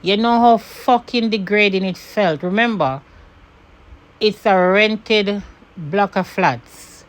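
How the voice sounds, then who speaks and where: A Jamaican woman tells a personal story to the camera with lots of animation, swearing and slipping into patois whenever she gets angry. Her voice sits in the mid-range and moves slowly.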